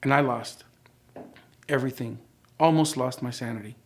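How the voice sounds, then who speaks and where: Gravelly man telling his testimony. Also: medium pitch, moderate pace. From United States. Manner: animated storyteller, acting out quoted dialogue. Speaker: church member sharing his testimony. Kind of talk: personal testimony storytelling.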